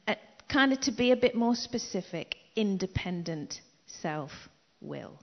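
A middle-aged woman preaching a sermon in an emphatic way, repeating key phrases and dropping into soft asides. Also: mid-range voice, lively intonation, measured pace. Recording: dull echoey hall recording.

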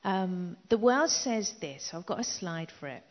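A middle-aged woman preaching a sermon in an emphatic way, repeating key phrases and dropping into soft asides. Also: lowish voice, animated, a little slow. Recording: dull echoey hall recording.

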